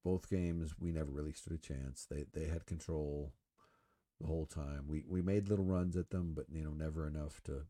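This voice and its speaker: Relaxed and smoking as he talks, a male podcast host rambles through casual solo sports talk, full of fillers and swearing. His voice is very deep and moves at a moderate pace.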